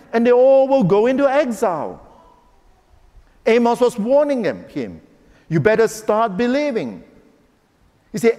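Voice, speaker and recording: Animated high-voiced male preacher. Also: long reverb tail. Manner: animated preaching, acting out quotes. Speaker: pastor. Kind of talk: sermon.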